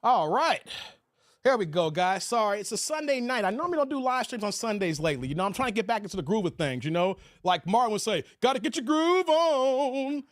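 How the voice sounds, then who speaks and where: A man's voice: fast talker, dry recording, clean studio sound. A man hosting a casual live stream from home, telling stories and acting out quotes in a raised voice. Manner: animated storytelling, voices his quotes high and loud.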